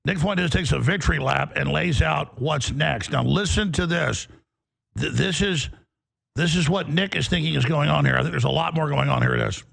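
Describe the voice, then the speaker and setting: A man hosts a political talk show in a deeply gravelly, rasping voice. He rambles, doubling back on words and restarting sentences. His voice sits somewhat high for a man. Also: normal speed, fairly bright tone.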